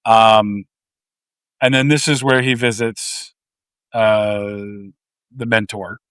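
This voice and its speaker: A man's voice: lowish voice, steady tone, takes it slowly, fairly bright tone, clean tone, no room sound. A man from Canada co-hosting a casual movie podcast, recapping the plot bluntly and swearing freely. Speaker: podcast co-host.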